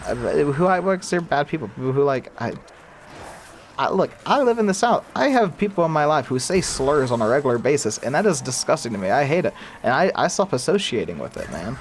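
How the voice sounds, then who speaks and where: A man's voice: a little high, sing-song, a little fast, a little hiss or hum. Chatty young man rambling over gameplay. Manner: rambling, chatty, lots of fillers and laughs. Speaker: gaming YouTuber. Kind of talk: casual let's-play commentary.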